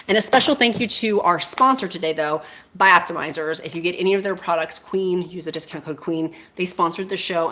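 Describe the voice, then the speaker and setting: Woman host, lower voice, effusive livestream chat, squeals hellos to viewers. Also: fairly bright tone, slight background noise. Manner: gushing, effusive, jumps to squeals greeting viewers. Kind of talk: casual livestream chat, reading comments.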